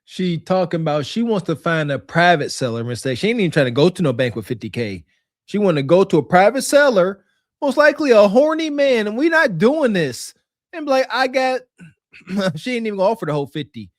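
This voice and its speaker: Animated high-voiced man, mocking commentary. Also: a little fast, no room sound, clean studio sound. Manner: animated, acts out mocking quotes in character. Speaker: podcast co-host.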